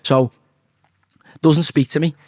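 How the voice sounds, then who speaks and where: A man's voice: a little high, fairly even intonation, slow pace, warm tone, no room sound, clean studio sound. A man with a Liverpool Scouse accent, a guest in a casual interview, telling stories bluntly and swearing freely. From Liverpool, England.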